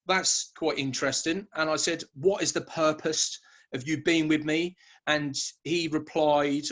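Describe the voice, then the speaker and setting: A man, a guest telling his story in a relaxed interview, often hesitating with fillers and restarts. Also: a little high. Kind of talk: conversational interview.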